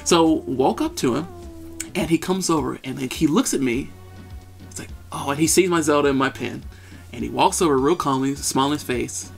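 Podcast co-host, man in his thirties, excitable storyteller, slightly high voice. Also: normal speed, gravelly, faint music behind. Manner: animated, excitable, shouts at peaks. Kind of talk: casual storytelling chat.

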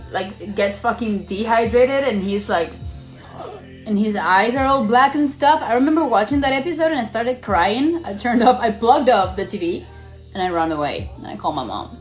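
A young woman live-streaming, casually chatting and swearing as she answers viewer questions, switching between Spanish and English. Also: a little high.

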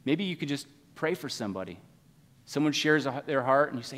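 A man preaching a sermon to his congregation. His delivery swings from loud, urgent appeals down to hushed, quiet passages. His voice sits at an ordinary middle pitch and rings on in a long, reverberant hall. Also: lively intonation, brisk. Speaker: pastor. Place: church sanctuary.

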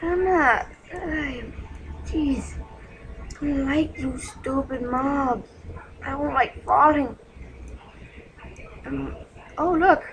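Jittery high-voiced woman gaming. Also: drawn-out words, pauses often, noisy background. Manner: excitable, jittery, yells insults at game monsters. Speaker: gaming channel host. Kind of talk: casual gameplay commentary.

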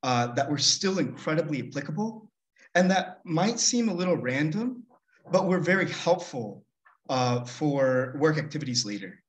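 A man's voice: fairly high pitch, lively intonation, normal speed. Reflective man panelist, echoey room. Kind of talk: panel answer.

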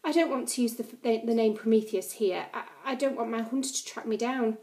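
A nervous young man, half god, who stumbles and repeats his words, as a woman reads his part. His voice sits close to the reader's own, quiet and unsure in a storybook telling. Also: a little high, fairly even intonation, a little fast, close to an everyday voice. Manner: hesitant, stammering.

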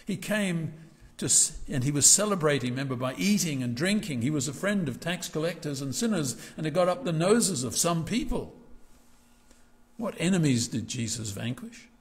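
Male pastor, gravelly, preaching in a reverberant church hall. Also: fairly high pitch, lively intonation, moderate pace. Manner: reflective, with frequent restarts and gentle asides. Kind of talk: sermon.

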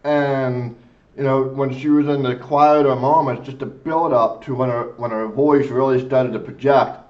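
A man's voice: mid-range voice, fairly even intonation, normal speed, darkish tone, lo-fi sound. A man hosting a music reaction video, gushing and emotionally moved as he comments. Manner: gushing, effusive, exclaims often.

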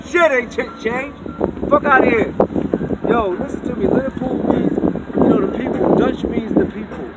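A man with a high-set voice rambles through a loose, repetitive street monologue, stoned and swinging between muttering and shouting. Recorded outdoors on a phone, with loud street and wind noise behind him. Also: fairly even intonation, moderate pace. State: high on marijuana. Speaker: street vlogger.

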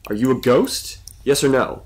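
A man's voice: mid-range voice, moderate pace, natural voice. A man playing a frustrated young man trapped in a cave, firing off urgent questions at a mysterious voice.

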